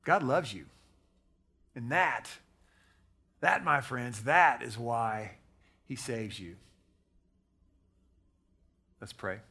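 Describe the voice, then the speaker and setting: A man preaching a sermon as pastor, repeating key phrases for emphasis and growing hushed in prayer. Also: mid-range voice, lively intonation, drawn-out words, long pauses, slightly rough. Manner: preaching with emphatic repetition, dropping soft at prayer.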